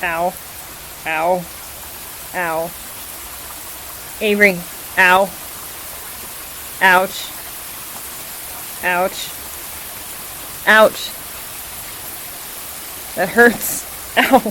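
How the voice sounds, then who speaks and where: A woman's voice: lowish voice, fairly even intonation, extremely slow, long pauses, bright, forceful tone, slight background noise, poor audio. A woman filming her cats at home, playfully teasing them and meowing at them in a casual home video. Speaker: cat owner filming her pets.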